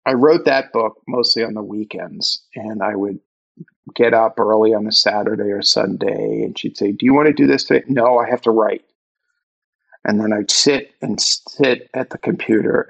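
A man's voice: lowish voice, moderate pace, vocal fry, slightly rough, muffled recording. A middle-aged man, an author and interview guest, telling personal stories in a reflective, emotional way and acting out past conversations. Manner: emotional, animated retelling of conversations. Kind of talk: reflective storytelling.

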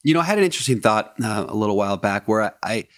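Fast-talking chatty man, dry sound. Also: fairly low pitch, animated, no room sound. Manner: fast, chatty, self-deprecating. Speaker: podcast host. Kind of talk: casual interview conversation.

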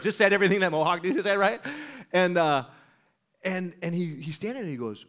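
Animated preacher man telling a story. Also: a little high, fairly quick. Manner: animated, laughing, acts out voices. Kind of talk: sermon storytelling.

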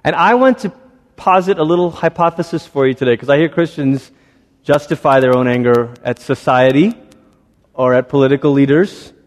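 A man's voice: a little high, moderate pace, big-room sound. A man preaching a sermon in a conversational way, acting out little voices as he goes. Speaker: pastor.

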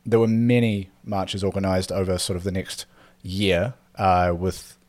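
A man casually talking through a history topic on a podcast, with lots of ums and quick laughs. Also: low voice, fairly even intonation, darkish tone, dry recording. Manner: rambling, filler-heavy, laughs often. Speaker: podcast co-host presenting history.

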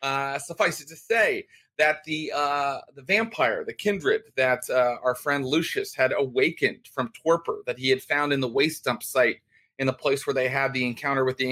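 A man's voice: medium pitch, pushed and bright. A man hosting and recapping a tabletop vampire game as storyteller, chatty with many fillers. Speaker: storyteller, host.

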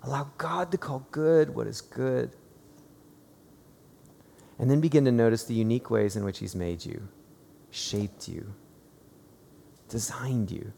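A man's voice: mid-range voice, unhurried, vocal fry, long pauses, a little hiss or hum. Man preaching in a reverberant hall. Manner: earnest, builds to fervent preaching; tearful and hushed while telling a personal story. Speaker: pastor. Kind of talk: sermon. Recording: long reverb of a large hall.

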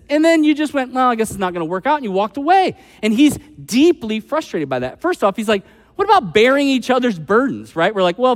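A man delivers a sermon from the pulpit, his voice pitched high and light. He talks casually, sprinkling in asides and bringing quoted people to life. The big room carries a long, lingering reverb after each phrase. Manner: animated, acts out quoted voices; conversational, with frequent "like" asides. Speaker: pastor.

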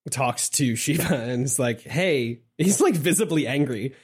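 A man's voice: mid-range voice, unhurried, slightly rough. A young man in casual chat, recapping a story, laughing and acting out lines. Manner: relaxed, laughing, acts out lines with swearing.

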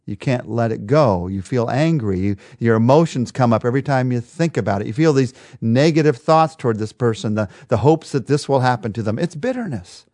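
Emphatic male preacher with lively pitch. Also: a little fast, few pauses, no room sound, clean studio sound. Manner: emphatic, repetitive rhetorical rhythm. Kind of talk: devotional sermon.

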